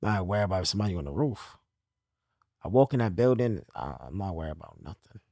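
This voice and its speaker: A young man telling stories in casual conversation, swinging between low, quiet stretches and loud bursts. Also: expressive, fast talker, vocal fry, no echo, studio quality. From New York. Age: young adult. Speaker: podcast guest telling his story.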